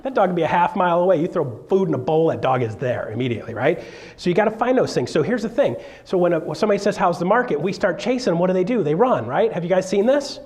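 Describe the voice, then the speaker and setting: A man giving a live stage talk to an audience, jokey and animated, acting out quotes as he tells stories. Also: high-pitched, quick pace. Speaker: seminar speaker.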